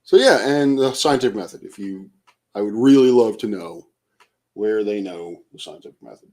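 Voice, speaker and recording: Man streaming from home at night, lowish voice with lively swings, rambling, unhurried. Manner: rambling and hesitant, with many fillers and trailing off; chats to viewers by name. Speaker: livestreamer. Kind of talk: casual late-night livestream monologue.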